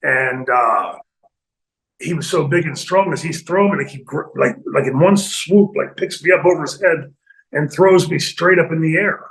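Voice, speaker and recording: A middle-aged man casually telling stories in a studio interview, animated and laughing often, acting out other people's lines. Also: on the high side, normal speed, vocal fry, rough recording. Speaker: retired pro wrestler guest telling stories. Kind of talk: casual storytelling in a podcast interview.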